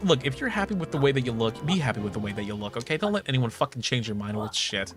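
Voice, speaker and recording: Young male streamer, mid-pitched, loose and sweary, game music playing clearly under him. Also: sing-song, fast talker, few pauses. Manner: candid, swears often, laughs a lot; jumps into high mocking voices for quoted people. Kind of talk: casual chat while gaming.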